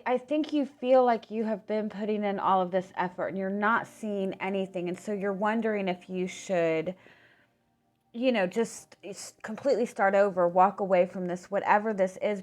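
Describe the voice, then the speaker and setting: A tarot reader with a medium-pitched voice is hoarse and losing it as she gives a casual reading. She speaks haltingly, restarting words and filling gaps with "like."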